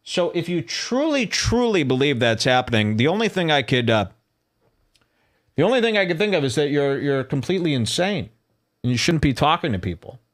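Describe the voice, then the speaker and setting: Male podcast host, solo rant, lively swinging pitch, incredulous. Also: a little fast. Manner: animated, incredulous ranting, reading posts aloud. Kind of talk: solo commentary show.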